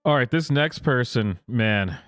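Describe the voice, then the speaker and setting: A man hosting casual reaction commentary, incredulous and halting, often breaking into laughter. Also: mid-range voice, expressive, a bit bright, dry recording, studio quality, soft background music. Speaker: host.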